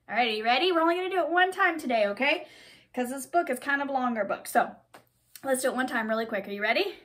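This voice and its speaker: A woman hosting a children's story time, reading a picture book aloud in a sing-song, animated way with exaggerated sound effects. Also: high voice, fast talker.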